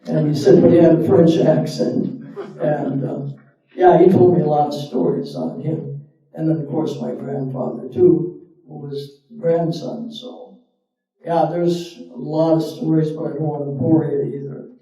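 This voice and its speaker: Guy spinning folksy old stories, dark mellow voice, far off in a big echoey hall. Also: fairly high pitch, level tone, measured pace, lo-fi sound. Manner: folksy, rambling anecdotes. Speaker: panelist. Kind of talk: storytelling at a panel talk. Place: town hall.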